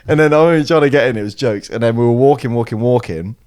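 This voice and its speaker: A man's voice: mid-range voice, fast. A young man on a podcast, chatting casually and acting out friends' lines as he tells stories. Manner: animated storyteller, acts out friends' lines. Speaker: podcast co-host. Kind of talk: casual chat.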